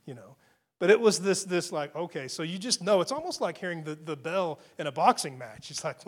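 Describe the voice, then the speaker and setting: Storytelling pastor, slightly high voice. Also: male voice, expressive, brisk. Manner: conversational storytelling, frequent restarts. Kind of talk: sermon.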